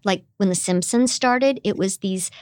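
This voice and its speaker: A woman's voice: medium pitch, normal speed, a little mellow, no room sound. A middle-aged woman voice actor with a youthful, girlish-sounding voice, chatting animatedly as an interview guest. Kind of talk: casual interview chat.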